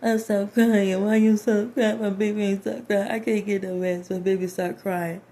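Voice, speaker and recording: Frantic worn-out parent whining about a crying baby, woman putting it on, gravelly. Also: medium pitch, flat delivery, normal speed, dark tone, slight background noise, natural voice. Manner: whiny, frantic.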